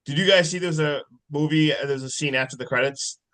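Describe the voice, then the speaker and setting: Bright-voiced guy, rambling podcast banter. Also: fairly high pitch, fast talker. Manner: loose, rambling, uses 'dude' and 'friggin''. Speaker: podcast co-host. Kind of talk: casual banter.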